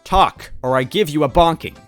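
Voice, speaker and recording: A man's voice: medium pitch, sing-song, brisk, faint music behind, lightly acted. A man voicing a tough, bossy young female goomba police officer who talks in a smug, demanding way.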